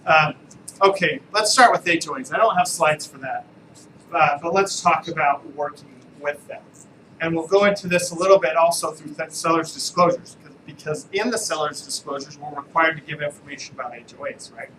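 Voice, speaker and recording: A man's voice: fairly high pitch, brisk, sharp tone, slight background noise, rough recording. A man, an attorney, giving a casual, joking live training talk to real estate agents and asking the room questions.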